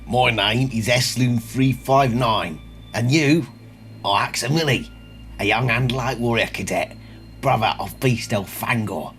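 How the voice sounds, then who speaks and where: A man voicing a bitter, vengeful male alien slug in a human host, in a Cockney accent, reading book lines in a low, hushed, seething way. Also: measured pace, soft background music, lightly acted. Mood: sneering. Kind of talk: dramatic reading of a book passage.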